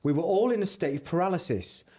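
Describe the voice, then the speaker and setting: This young adult man hosts a comedic podcast, reading strange news stories in a mock-dramatic way. His voice sits high and is a little mellow, with lively intonation and a quick pace, and his manner mixes dramatic storytelling reads with playful banter.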